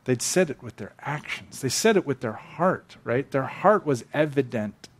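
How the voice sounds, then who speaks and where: A man's voice: medium pitch, lively intonation, normal speed. A man preaching a sermon, telling stories conversationally and acting out quotes with animation. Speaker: pastor. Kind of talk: sermon with storytelling.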